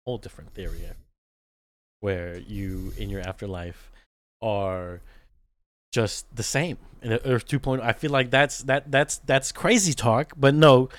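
A man's voice: mid-range voice, unhurried, no echo. A young man co-hosting a podcast in casual chat, rambling, swearing and laughing often. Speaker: podcast co-host.

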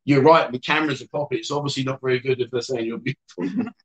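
A man's voice: medium pitch, steady tone, fast, a bit bright. A man hosting a casual livestream, reading out viewer comments and teasing his guests. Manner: joking, teasing, chatty. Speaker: livestream host. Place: bar or venue indoors.

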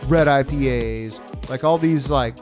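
A man's voice: mid-range voice, a little slow, a little mellow, faint music behind. A young man co-hosting a casual podcast chat, loose and profane, often laughing. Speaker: podcast co-host.

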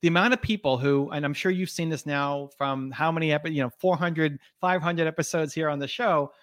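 A man's voice: on the high side, fairly quick, fairly bright tone, dry recording, studio quality. A man speaking as a podcast guest in an earnest, motivational way, with frequent restarts and fillers. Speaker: podcast guest, video creator. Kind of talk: conversational interview.

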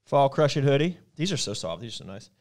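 A man with a mid-pitched voice runs through upcoming product launches in a loose, casual way. He talks with joking asides and quick interruptions, like a regular host chatting with a co-worker. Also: big pitch swings, a little mellow.

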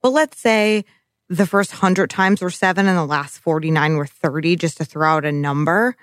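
Excitable, swearing young woman, dry sound. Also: lowish voice, normal speed, no room sound. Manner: excitable, profane, rambling. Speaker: podcast co-host. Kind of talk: casual podcast chat recapping a TV episode.

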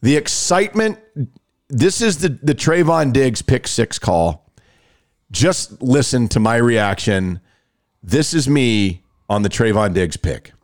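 Lively man hosting a sports chat. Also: mid-range voice, slow. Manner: chatty, laughing, animated storyteller. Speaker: podcast host.

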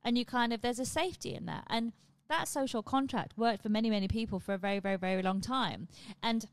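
Woman comedian at home, rapid-fire casual chat, blunt, dry close sound. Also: fairly high pitch, no room sound. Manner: chatty, blunt, swears freely. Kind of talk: casual monologue to camera.

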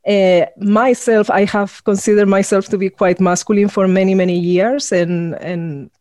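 Woman, talk show guest, mid-pitched voice, dry sound, relaxed. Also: dry recording. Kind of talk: casual interview chat.

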